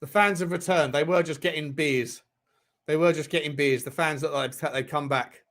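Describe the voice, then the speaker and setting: A man hosting a live football watchalong, reacting as a partisan fan with excitable shouting, swearing and a chesty cough. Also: on the high side, moderate pace. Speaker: fan channel host.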